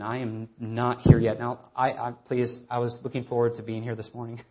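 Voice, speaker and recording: A man preaching a sermon, earnest and emphatic, asking rhetorical questions and slowing down to stress scripture readings. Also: medium pitch, muffled recording.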